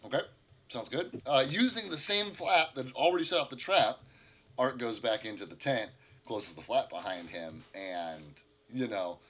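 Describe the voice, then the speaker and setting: Man, game master, casual tabletop narration, bright voice, filler words. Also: medium pitch, animated, normal speed. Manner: casual, loose, many fillers.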